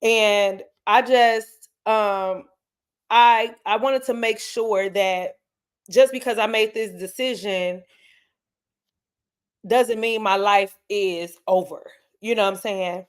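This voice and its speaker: A woman's voice: medium pitch, steady tone, takes it slowly, clean tone. A woman, hosting a casual live stream and talking candidly to her chat, tearing up as she speaks. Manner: candid, emotional, talks straight to her chat.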